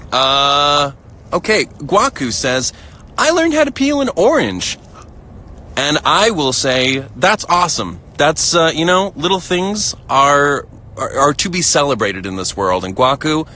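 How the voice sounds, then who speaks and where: Bright-voiced playful American man. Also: a little hiss or hum. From United States. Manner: playful, giggly, jumps up into a high voice when joking. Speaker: live stream host. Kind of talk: casual chat reading viewer comments. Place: outdoors, lounging in a field. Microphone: phone live stream.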